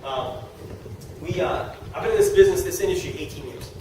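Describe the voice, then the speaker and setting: A middle-aged man with a high voice gives a motivational talk to a live audience. He is excitable, repeats himself and laughs as he talks. The sound is distant and very echoey, with steady background noise. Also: brisk. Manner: excitable, repeats words, laughs while talking. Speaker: network marketing speaker. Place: meeting room with an audience.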